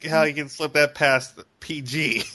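A man co-hosting a casual podcast chat, excitable, laughing often and restarting his sentences. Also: on the high side, a little slow. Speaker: podcast co-host. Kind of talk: casual podcast chat about an animated movie.

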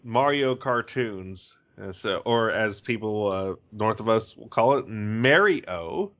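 A man's voice: fairly low pitch, fairly even intonation, a little slow. A man co-hosting a podcast, chatting casually and cracking jokes. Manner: joking, laughs between lines. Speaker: podcast co-host. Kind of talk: casual chat. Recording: dull lo-fi audio.

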